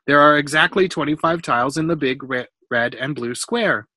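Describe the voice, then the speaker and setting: Storybook boy, curious and eager, read aloud by a man; a bit higher than the reader's usual, dry and bright. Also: moderate pace, dry recording. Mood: wondering. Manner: eager, wondering. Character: curious eager young boy in ancient times.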